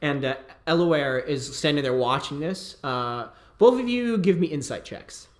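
A man's voice: on the high side, lively intonation, normal speed, background noise. A man narrating as the game master of a tabletop game, in a casual style with many fillers.

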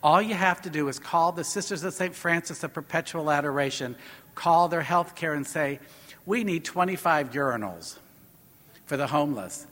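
A man's voice: on the high side, normal speed, bright, forceful tone. A middle-aged male priest giving a sermon, telling a story in a conversational preaching style. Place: church. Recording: long church reverb.

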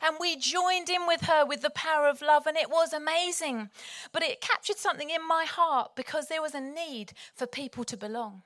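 Enthusiastic woman preacher, conversational sermon, higher pitch. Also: moderate pace, a bit bright. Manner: chatty, enthusiastic, laughs easily.

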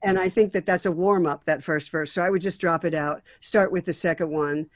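A woman's voice: on the low side, fairly even intonation, fairly quick, no echo. A woman acting as a songwriting mentor, giving thoughtful feedback on a song draft with frequent restarts and fillers.

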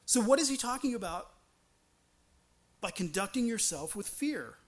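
A man's voice: very high voice, animated, moderate pace, long pauses. A man pastor preaching a sermon, earnest and conversational, often restarting phrases and asking rhetorical questions.

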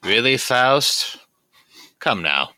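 A man's voice: mid-range voice, sing-song, extremely slow, bright, forceful tone, dry recording, pitched above the performer's own voice, heavily acted. A man playing a formal, wry adult male character in a tabletop game.

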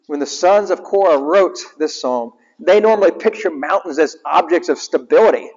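A man's voice: fairly high pitch, moderate pace, few pauses, a little mellow, lo-fi sound. Male chaplain preaching in an echoing hall. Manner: conversational, asks the congregation questions. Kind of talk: sermon.

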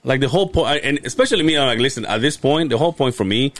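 A man's voice: medium pitch, racing, fairly bright tone, dry recording. Guy on a podcast telling a long story, lots of restarts and cussing, dry close sound. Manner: rambling, profane, many restarts. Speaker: podcast co-host. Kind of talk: casual storytelling chat.

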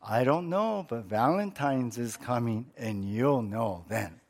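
A sleepy husband mumbling low and quiet, brushing things off, as a preacher does him in a joke. His voice drops down and stays soft and offhand. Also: animated, slow. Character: drowsy, evasive husband.

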